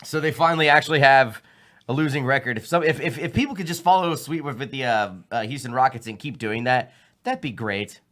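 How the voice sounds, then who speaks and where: Fast-talking man in casual chat. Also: medium pitch, fairly bright tone. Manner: rambling, repeats words, fillers. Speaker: podcast co-host.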